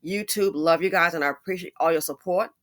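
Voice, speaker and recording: A woman with a fairly low voice talks through her commentary in a loose, chatty way. She gets animated in her asides and keeps a conversational tone throughout. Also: brisk. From United States. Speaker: commentary YouTuber. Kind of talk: casual commentary monologue.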